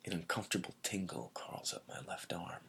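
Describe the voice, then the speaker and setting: A man reading a first-person literary story in a measured way, often sinking to a breathy near-whisper. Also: sits low, expressive, sharp tone, a little hiss or hum. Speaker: narrator.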